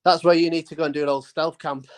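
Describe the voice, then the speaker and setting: A man's voice: fairly high pitch, little pitch movement, fast talker. A man from England bantering casually, teasing and slangy, a little out of breath from exercise. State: out of breath from pedaling.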